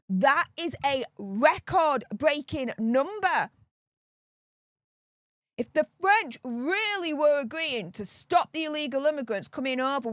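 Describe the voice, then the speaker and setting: A woman's voice: sits high, fairly bright tone, dry recording, studio quality. A woman with a Northern English accent giving opinionated political commentary, ranting indignantly and repeating her points for emphasis.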